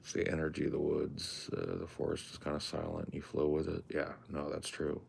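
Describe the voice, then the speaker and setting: A man's voice: extremely low pitch, monotone, brisk, vocal fry, darkish tone, a little hiss or hum. A man co-hosting a podcast in casual, profane, rambling chat, talking from his home in the woods at night. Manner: laid-back, profane, rambling. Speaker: podcast co-host.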